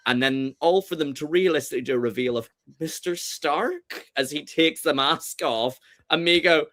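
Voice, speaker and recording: Bright-voiced British podcast guest. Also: male voice, fairly high pitch, normal speed. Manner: animated, ranting. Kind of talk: casual chat.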